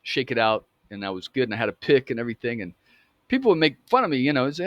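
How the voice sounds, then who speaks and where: A man's voice: mid-range voice, big pitch swings, fast talker, a bit bright, no echo. Man, fifties, casual storytelling, rambling, self-correcting, dry close recording. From United States. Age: 50s. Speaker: vlogger.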